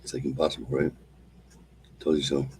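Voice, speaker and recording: A man hosting a solo show, calmly leading a repeated mantra and chatting casually. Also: rumbling low, creaky, slight background noise, poor audio. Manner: calm, slow, repetitive chanting of phrases. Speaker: host.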